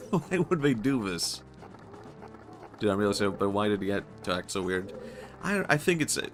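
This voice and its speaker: A man with a Swedish accent, chatting casually and jokingly while streaming a game, often laughing. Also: lowish voice. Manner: rambling, jokey, laughs often. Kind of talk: casual gameplay commentary.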